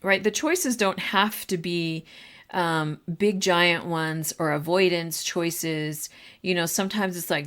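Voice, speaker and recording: A woman's voice: on the low side, slow pace, fairly bright tone. A woman hosting a podcast, talking casually and directly to fellow teachers with practical classroom advice. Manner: conversational, addresses listeners directly.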